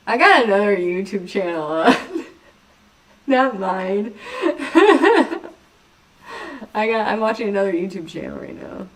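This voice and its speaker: A woman's voice: medium pitch, normal speed, far from the mic. A woman hosting a casual livestream chat, rambling from topic to topic, giggling often and poking fun at herself. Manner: giggly, rambling, self-mocking. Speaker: livestream host.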